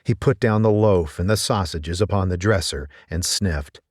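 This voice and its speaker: A man reading a children's story aloud in a gentle, expressive manner. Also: sits low, moderate pace, no room sound, studio quality.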